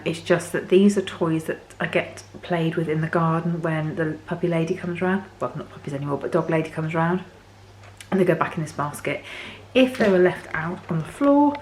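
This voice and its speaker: Chatty woman, slightly hoarse voice. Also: darkish tone. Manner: chatty, talks to her dogs in a high sing-song voice. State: voice a bit hoarse. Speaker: vlogger. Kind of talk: casual chat to camera. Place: home kitchen. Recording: echoey kitchen, faint background noise.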